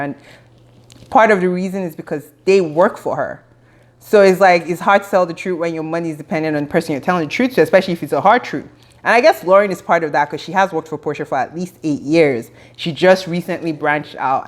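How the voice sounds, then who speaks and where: A woman hosting a casual reality TV recap, chatty and opinionated, slipping into sassy quoted asides. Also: fairly low pitch.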